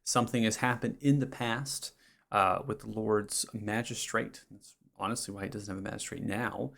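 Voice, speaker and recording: Gravelly-voiced male game master narrating. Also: fairly low pitch, steady tone, moderate pace, a bit bright. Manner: rambling summary with fillers and restarts.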